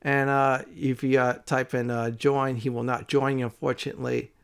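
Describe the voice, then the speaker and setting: A man with a smooth, resonant voice and a mid-range pitch gives a relaxed, rambling commentary on his gameplay. He fills his sentences with frequent "uh"s as he talks his way through the play. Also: moderate pace. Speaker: let's play host.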